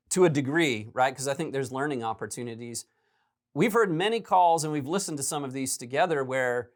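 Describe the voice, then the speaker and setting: A man hosting a recruiting podcast, talking through a call in a loose, conversational way and often checking in with "right?". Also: fairly high pitch. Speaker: podcast host. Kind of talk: podcast commentary.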